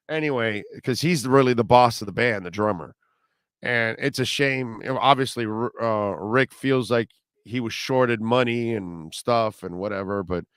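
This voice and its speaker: A man's voice: mid-range voice, fairly bright tone, clear, resonant tone, no echo, studio quality. A middle-aged man hosting a live sports radio show in casual talk, rambling as he reads out and answers listener comments.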